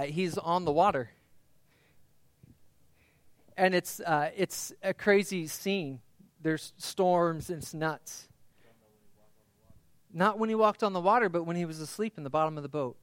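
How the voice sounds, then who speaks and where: Male pastor preaching hard, builds up loud then drops quiet, dry close sound. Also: sits high, no room sound. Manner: impassioned, building from hushed to loud. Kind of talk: sermon.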